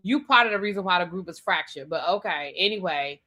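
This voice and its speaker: Bright-voiced woman ranting casually. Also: lowish voice, animated, a little fast. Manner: chatty and sassy, repeats her points. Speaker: host reviewing a reality TV episode. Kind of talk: casual live rant reading viewer comments.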